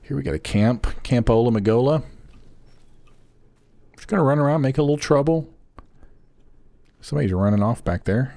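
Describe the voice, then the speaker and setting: A man's voice: medium pitch, moderate pace, gravelly, pauses often, warm tone, no echo. A young adult man talking casually with viewers while streaming a game, rambling and chatty. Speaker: gaming streamer. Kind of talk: casual live-stream chat.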